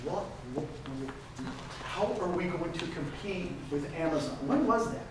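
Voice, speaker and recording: An older man with a slightly high voice delivers an emphatic motivational talk to a live audience in a large conference room, repeating phrases for effect. His intonation is lively and his pace unhurried, with background noise. The distant mic picks up an echoey hall.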